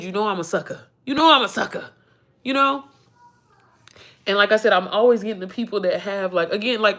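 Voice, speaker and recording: On a livestream, a woman hosts a casual chat, rambling emotionally and swearing freely. Her voice is mid-range and a bit bright.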